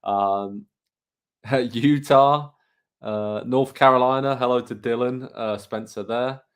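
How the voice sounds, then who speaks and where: A man from England with a mid-range voice speaks slowly and in a steady tone. As co-host of a live online match watchalong, he chats easily, reads out viewer comments, and calls the play.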